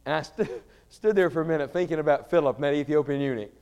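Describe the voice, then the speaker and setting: A man preaching a sermon, swinging between shouted fervor and quiet storytelling. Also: fairly high pitch, fast, clear, resonant tone. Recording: reverberant large hall.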